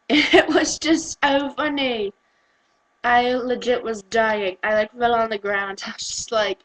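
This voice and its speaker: A woman's voice: a little high, unhurried, rough recording. A teenage girl with an English accent, rambling chattily in a vlog, giggling and drifting off topic. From England. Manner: chatty, giggly and off-topic, acting out quotes in lively voices. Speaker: vlogger. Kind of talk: rambling casual vlog rant.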